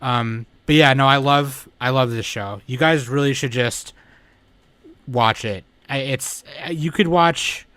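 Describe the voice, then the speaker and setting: Laid-back young man, middle pitch. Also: measured pace, fairly bright tone, smooth, no echo. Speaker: podcast co-host. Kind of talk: casual podcast chat.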